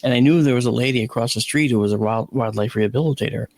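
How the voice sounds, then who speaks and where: Creaky-voiced man telling animated stories. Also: mid-range voice, very fast, dry recording. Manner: animated anecdotes, acting out his own and others' lines; frequent restarts and repeated words. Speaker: guest, astronomer and video analyst. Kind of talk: casual storytelling in an interview.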